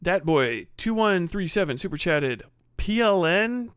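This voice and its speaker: A man's voice: sits high, sing-song, a little slow, a bit bright, clean tone, no echo, studio quality. A middle-aged man live streaming, reading donations in casual chat, profane and rambling. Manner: profane, rambling, laughs often.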